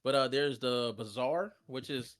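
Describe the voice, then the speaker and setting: A man's voice: medium pitch, fairly even intonation, a little slow, fairly bright tone. A man co-hosting a gaming podcast, talking loosely with lots of fillers and easy laughter. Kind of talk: casual chat.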